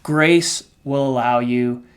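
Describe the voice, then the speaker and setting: A middle-aged man co-hosting a podcast, talking candidly and emotionally, his voice swinging between soft and loud. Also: medium pitch, takes it slowly. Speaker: co-host.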